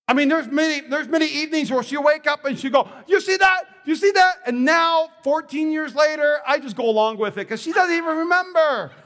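A man's voice: very high-pitched, fairly quick, hardly any pauses, a bit bright. A man preaching a sermon as pastor, telling stories with animation and restarting his words as he goes. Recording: long hall reverb.

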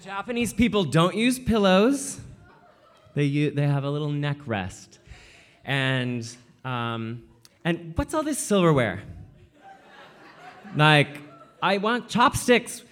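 Man from Washington, animated personal storyteller; chatty, peppered with "like", keeps breaking into voices. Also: a little high, takes it slowly, pauses often. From Washington state, USA. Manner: animated, jumps into quoted voices, many "like" fillers.

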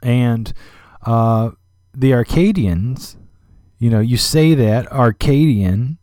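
A man's voice: medium pitch, takes it slowly, warm tone, clear, resonant tone, no echo, studio quality. A man hosting a music podcast, talking in a chatty, rambling way with lots of fillers and asides. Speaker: podcast host. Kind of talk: casual radio-style music commentary.

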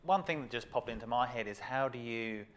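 A man's voice: mid-range voice, fairly quick, fairly bright tone. A man hosting a podcast, chatting casually and encouraging his guest, with frequent restarts and casual swearing. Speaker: podcast host. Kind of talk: casual interview chat.

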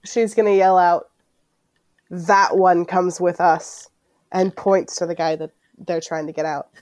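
A woman playing a tabletop game, explaining her character in a measured way with frequent ums. Her voice is fairly low for a woman and sounds dry and close. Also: little pitch movement, darkish tone, no room sound. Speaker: player.

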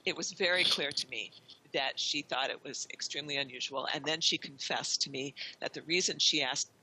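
Bright-voiced woman telling a story. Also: sits low, a little fast, slight background noise, poor audio. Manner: chatty, many restarts and quoted dialogue. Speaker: wayfinding consultant, guest. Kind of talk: storytelling in a podcast interview.

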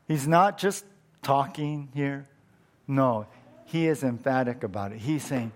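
A man's voice: medium pitch, slow. A middle-aged man preaching a sermon as pastor, earnest and emphatic, repeating his key phrases for weight.

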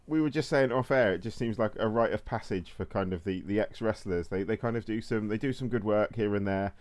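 A man's voice: fairly low pitch, a little fast, darkish tone. A man co-hosting a film review show, chatting casually and laughing easily at himself. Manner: self-deprecating, laughs easily, hesitant fillers.

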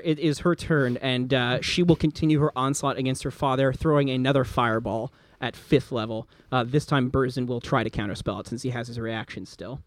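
A man's voice: mid-range voice, no room sound. A man narrating a tabletop game as game master, describing scenes with casual fillers.

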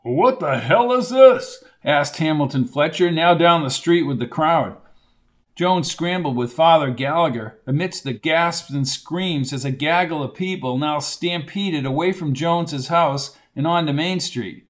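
A man, the author, narrating his own audiobook in a plain, steady storytelling manner. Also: a little high, measured pace.

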